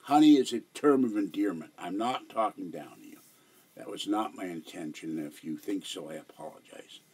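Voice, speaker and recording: A man's voice: low voice, moderate pace, darkish tone, husky. An older man chatting casually at home on a livestream, telling rambling, digressive stories. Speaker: livestream host.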